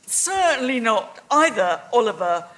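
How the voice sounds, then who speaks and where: A woman's voice: fairly high pitch, big pitch swings, measured pace, noisy background. Middle-aged woman arguing a debate point. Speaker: debate speaker. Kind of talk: persuasive debate speech.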